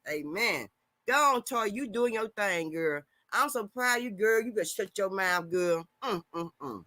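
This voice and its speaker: A man talking on a casual live stream, reading viewer comments and preaching loudly, swinging between shouting and mumbling. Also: high voice, lively intonation, takes it slowly, heavy background noise.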